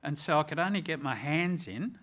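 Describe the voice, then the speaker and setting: An older Australian man speaks in an earnest, measured way. He recounts his own memories with steady reflection. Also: a little high. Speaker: retired rescue officer, ambulance chaplain. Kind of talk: personal storytelling.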